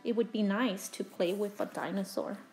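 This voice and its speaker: A woman voicing an eager, excited little boy in a storybook, with a bright, emphatic delivery. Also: mid-range voice, normal speed, creaky, faint music behind, natural voice.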